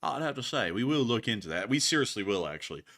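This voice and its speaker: A man hosting a livestream, reading super chats and thanking viewers in a casual, animated way, often laughing. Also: medium pitch, quick pace. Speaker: host.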